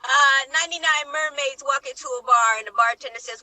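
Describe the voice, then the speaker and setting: A woman performing in an improv comedy show, telling short one-liner jokes with a lively delivery. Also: sits high, brisk, few pauses, dry recording, rough recording.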